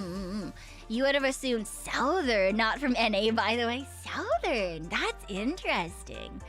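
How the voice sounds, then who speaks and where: Chatty, laughing woman streamer. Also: medium pitch. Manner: chatty, laughing, swears casually. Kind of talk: casual livestream chat.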